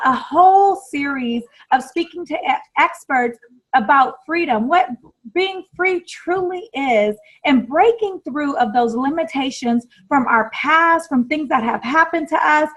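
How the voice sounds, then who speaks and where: A woman's voice: sits high, a bit bright, low-quality recording. An American woman hosting an online summit, gushing with enthusiasm and repeating words for emphasis. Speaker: summit host. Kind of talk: enthusiastic interview introduction.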